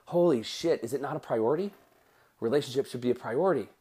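A man's voice: mid-range voice, fast talker, mellow, slightly rough. A man hosting a podcast as a success coach, giving an emphatic, preachy motivational talk and acting out other people's excuses.

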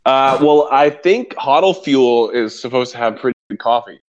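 A man's voice: mid-range voice, expressive, normal speed. A man in a casual group chat, joking and plugging a sponsor. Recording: dull line with faint noise.

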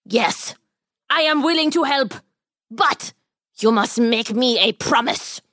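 A woman voicing a tiny bearded male magical trickster who speaks slowly and solemnly. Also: on the high side, a bit bright, no echo, clean studio sound.

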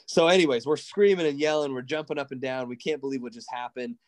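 A man, telling a racing story in a casual, excitable way and acting out quotes. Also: medium pitch, quick pace. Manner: animated, excitable, acts out quotes. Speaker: guest, racing driver coach.

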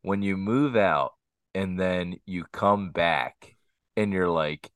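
A man co-hosting a podcast who tells family anecdotes in a casual, animated way. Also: low-pitched, slow pace, no room sound, studio quality. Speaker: podcast co-host. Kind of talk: casual storytelling chat.

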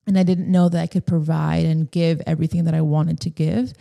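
A woman's voice: low voice, flat delivery, fairly quick, gravelly, hardly any pauses, dark tone. A young woman hosting a solo podcast, talking in a rambling, emotional way and often losing her train of thought. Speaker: podcast host.

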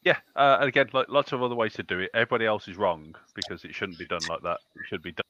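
A man's voice: on the low side, animated, very fast, sharp tone, dull audio, slight background noise. A man joking and giggling through casual podcast banter.

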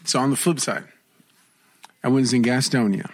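Man, husky, animated storyteller, casual podcast chat. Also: medium pitch, moderate pace, dry recording. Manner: animated, acts out quoted voices. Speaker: podcast co-host, electrician.

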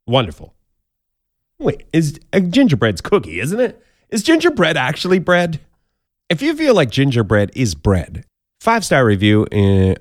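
A man's voice: mid-range voice, dry recording, studio quality. A man hosting a podcast, counting down odd news stories in a casual, jokey way with playful asides. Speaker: podcast host.

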